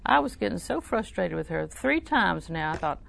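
A woman with a low, gravelly voice preaching a sermon. She tells a story and quotes scripture, asking her listeners questions along the way. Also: very animated, moderate pace, a bit bright.

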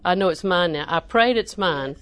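A woman preacher, delivering a sermon with animated emphasis that rises to near-shouting. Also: fairly low pitch, moderate pace.

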